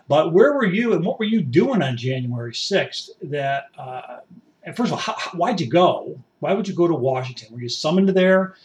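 A man's voice: a little high, expressive, normal speed. A man interviewing a guest in a satirical mock interview, asking long, rambling questions that he keeps restarting.

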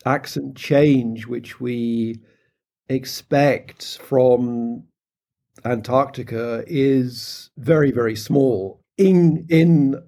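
British guy, middle-aged, being interviewed, lots of ums and restarts, unhurried and kind of warm. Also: medium pitch. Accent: British English. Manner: hesitant, many ums and restarts. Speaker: phonetics researcher, interviewee. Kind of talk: unscripted interview answer.

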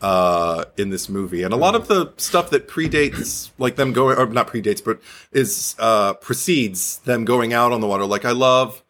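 A man's voice: mid-range voice, lively intonation, normal speed, a bit bright. Chatty man rambling about a film. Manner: rambling, with many fillers and frequent laughs. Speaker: podcast co-host. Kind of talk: casual film discussion.

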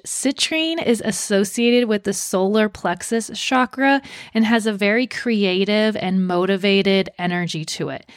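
Young female podcast host, scripted and upbeat, mid pitch, dry close mic. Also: dry recording. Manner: upbeat, playful asides.

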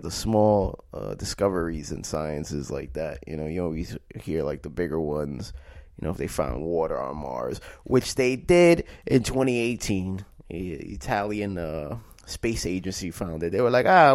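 Laid-back gravelly-voiced male podcast host. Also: fairly low pitch, darkish tone, dry recording, studio quality. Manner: laid-back, loose, swears freely. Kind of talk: casual solo podcast monologue.

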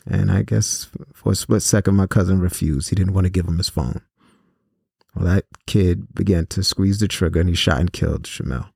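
A man earnestly telling a personal story to students in a measured way, with pauses and fillers. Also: sits low, fairly even intonation, vocal fry, darkish tone, slightly rough, no echo, clean studio sound. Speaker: host and speaker on violence prevention.

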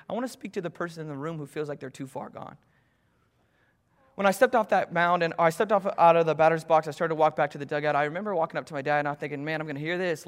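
A young man preaching a sermon, telling a personal story and swinging between loud urgency and hushed intimacy. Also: a little high. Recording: hall reverb.

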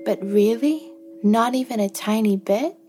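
A bubbly, stubborn young antelope girl, as a woman puts her on in a musical bedtime story. She coaxes and whoops in a fairly high voice, unhurried, with soft chiming music faint behind. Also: lightly acted. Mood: coaxing. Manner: bubbly and coaxing, with whoops and giggles. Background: soft music with chimes.

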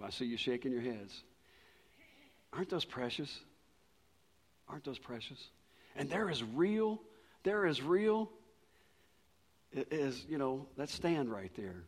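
Preacher man in a reverberant church. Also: mid-range voice. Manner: animated storytelling, rising to loud bursts and dropping to quiet asides. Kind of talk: sermon with personal story. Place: church sanctuary. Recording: long reverb of a large church.

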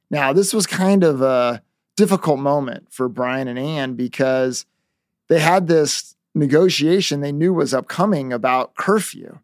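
A man coaching on negotiation through an animated story told as a lesson. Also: on the high side, unhurried, dry recording, clean studio sound.

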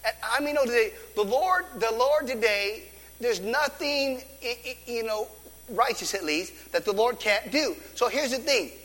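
High-voiced male preacher in a reverberant hall. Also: moderate pace. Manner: animated preaching, acts out quoted dialogue. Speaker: pastor. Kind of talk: sermon. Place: church sanctuary. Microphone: stage microphone on stand.

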